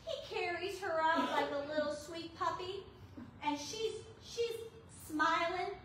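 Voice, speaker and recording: A high-voiced woman associate pastor tells a sermon story slowly, laughing as she goes. She is heard from a distance in a very echoey hall, with clear noise behind her. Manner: lively, laughing anecdote. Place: church fellowship hall.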